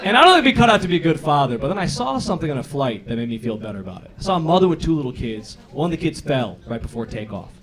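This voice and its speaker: A man in his thirties performing a stand-up set on a comedy club stage, with an animated, self-deprecating, punchy delivery into a handheld mic. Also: fairly high pitch, very fast, few pauses. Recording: live club recording with crowd laughter. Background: audience laughter.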